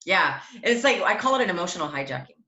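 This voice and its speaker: A woman's voice: on the low side, big pitch swings, fast, sharp tone. A woman hosting a podcast interview, effusive and affirming in casual chat. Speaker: podcast host. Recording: roomy, dull lo-fi sound.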